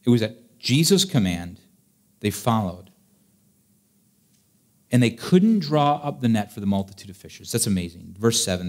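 A man's voice: on the low side, big pitch swings, moderate pace, pauses often, a little mellow. A man preaching a sermon in a chatty, playful way, reading old-fashioned scripture and acting out the scenes.

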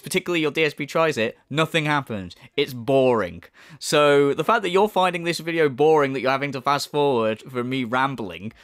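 A man's voice: on the high side, a bit bright. A man ranting through reaction commentary, exasperated, sarcastic and swearing freely. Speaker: commentary YouTuber.

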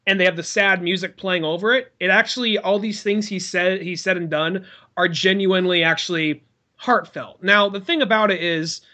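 Brief: young male podcast host, high and bright, animated, swears a lot while retelling scenes. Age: young adult. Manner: animated, swears freely, acts out quotes in a high voice. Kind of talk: casual chat.

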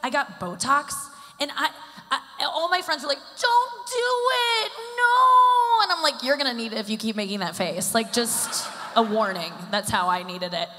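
A woman's voice: on the high side, normal speed, bright, forceful tone, a little hiss or hum. A woman in her thirties doing a live stand-up set, rambling and self-deprecating with lots of filler "like"s. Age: 30s. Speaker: stand-up comedian. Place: stage at a live summit event. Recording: echoey hall with long reverb.

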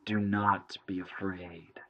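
A man voicing a menacing alien presence that speaks through a screen in a slow, low, breathy whisper. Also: little pitch movement, dull audio. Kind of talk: audiobook reading.

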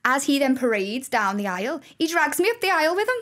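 A young woman with a Liverpool accent, chatting as a podcast guest and telling stories in a lively, animated way. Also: high-pitched, fast. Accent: Scouse (Liverpool). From Liverpool, England. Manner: animated, chatty storyteller with laughs. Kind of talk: casual podcast chat.

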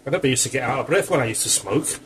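A man's voice: medium pitch, lively intonation, rapid-fire, fairly bright tone, a little hiss or hum, rough recording. A man cooking in his home kitchen, talking casually through the steps with chatty asides, a little out of breath. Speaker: home cook.

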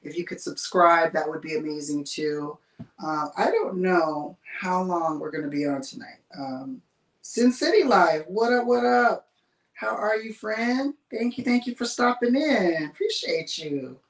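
A woman's voice: on the low side, lively intonation, unhurried. A woman hosting a casual livestream from a bedroom, chatting with viewers and laughing often as she reads their comments. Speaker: livestream host. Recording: roomy sound from a distance.

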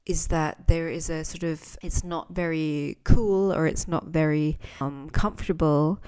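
A woman's voice: deep voice, fairly even intonation, a little slow, darkish tone, clear, resonant tone. A woman who is a native English speaker and teacher, hosting a casual podcast lesson, talking thoughtfully with frequent restarts and fillers.

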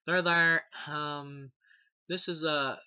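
A man's voice: fairly high pitch, fairly even intonation, takes it slowly, bright, forceful tone, smooth, no echo. A man reviewing a horror movie in casual, rambling talk, swearing a lot and laughing at the film. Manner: rambling and profane, many fillers and restarts. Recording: dull, dry lo-fi sound.

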